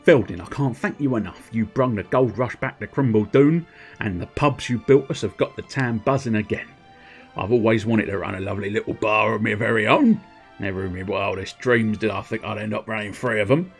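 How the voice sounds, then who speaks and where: A man voicing a soft-spoken male bartender father, low and gentle. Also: a little fast, faint music behind, natural voice.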